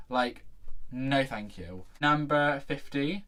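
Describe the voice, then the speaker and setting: A man's voice: mid-range voice, moderate pace, a bit bright. A young man with an English accent, talking casually to camera in a chatty, jokey vlog. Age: young adult. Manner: chatty, camp, jokey asides. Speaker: vlogger.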